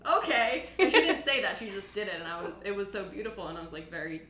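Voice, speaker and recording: A woman's voice: medium pitch, rapid-fire, a bit bright, slight background noise. A young woman photographer chatting as a guest, enthusiastic and rambling with many fillers. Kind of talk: casual chat. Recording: echoey room, faint ambience.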